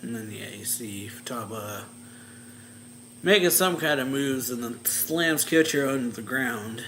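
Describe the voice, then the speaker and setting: A man's voice: medium pitch, expressive, unhurried, a bit bright, a little hiss or hum. A young man casually recapping a story, rambling with lots of fillers and little chuckles. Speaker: reaction channel host. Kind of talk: casual manga chapter recap.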